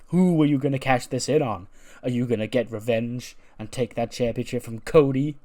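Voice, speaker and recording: A man voicing a boastful male wrestler cutting a slow, deliberate, threatening promo. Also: medium pitch, a little mellow, natural voice.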